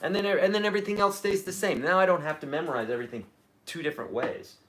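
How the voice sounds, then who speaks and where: A man's voice: high voice, fast, a bit bright. A man teaching a live-streamed guitar lesson, chatty and explaining, humming riffs as he goes.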